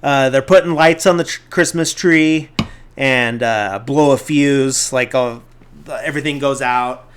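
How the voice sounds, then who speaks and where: A man's voice: medium pitch, unhurried, clean tone. A man hosting a podcast, casually retelling a movie plot in a rambling way, full of fillers like "like" and "um". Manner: briefly acts out characters' lines in the retelling. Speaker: podcast host.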